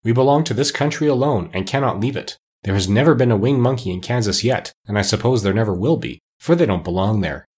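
A man's voice: on the low side, fast talker, few pauses, a little mellow, slightly rough. A man voicing a formal, courteous winged monkey king in an audiobook reading.

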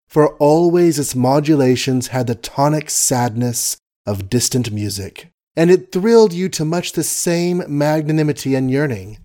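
Male audiobook narrator; measured, wry reading of period prose. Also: on the high side, mellow. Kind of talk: scripted narration.

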